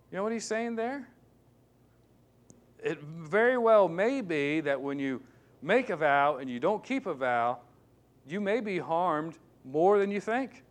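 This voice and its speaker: A man preaching with a voice pitched a little above the usual male range. He hammers key words through repetition and swings from raised, insistent stresses to quiet, hushed lines. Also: lively intonation, measured pace. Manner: emphatic, swings between loud and hushed. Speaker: pastor. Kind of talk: sermon.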